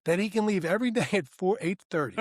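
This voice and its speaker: A man telling a story on a podcast in a slightly high voice. He jumps between speakers, acting out each side of the talk with lively shifts. The sound is close and dry, with no room echo. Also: fast. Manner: animated, acts out both sides of conversations; rambling, repeats "right?" and "I go". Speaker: podcast co-host. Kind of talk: casual storytelling.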